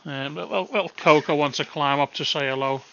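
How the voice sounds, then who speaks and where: A man's voice: fairly high pitch, brisk, creaky, bright, forceful tone, lo-fi sound, a little hiss or hum. A man hosting a live stream, chatting casually, laughing and swearing with his callers. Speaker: livestream host.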